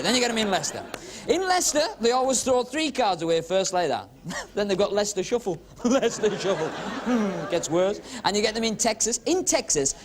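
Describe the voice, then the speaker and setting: Lively, high-voiced club comic, man. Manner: sharp, spiky banter that teases the audience. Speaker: comedian and magician. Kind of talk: stand-up patter during a card act. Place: club stage before a live audience. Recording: 1970s TV recording with a laughing crowd.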